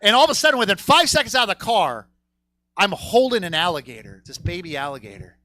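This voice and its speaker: A man on a comedy stage telling a crude, rambling story and teasing the crowd. His voice sits a little high and sounds bright and sharp. The mic sound is close and dry. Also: big pitch swings, fast, dry recording. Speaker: stand-up comedian. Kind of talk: stand-up comedy set.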